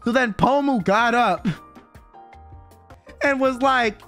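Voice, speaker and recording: A man telling an animated, slang-filled story in casual chat, swearing freely and acting out what people said. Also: very high voice, slow, faint music behind. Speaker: streamer guest telling a story.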